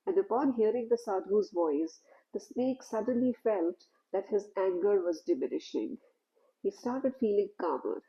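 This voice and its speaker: Gentle woman telling a devotional story. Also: mid-range voice, dull audio. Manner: gentle, measured, with "you know" asides.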